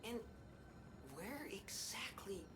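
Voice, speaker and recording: A woman's voice: on the high side, expressive, slow, a bit bright. A woman voicing a curious, fretful companion character in a video game, speaking theatrically. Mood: puzzled.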